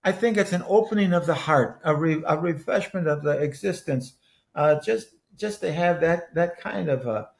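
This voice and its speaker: In a podcast interview full of anecdotes, a Wisconsin man in his eighties, once a politician and now an author, tells stories earnestly and loosely, often starting over mid-sentence. His pitch is fairly high, his speed normal, and vocal fry runs through it.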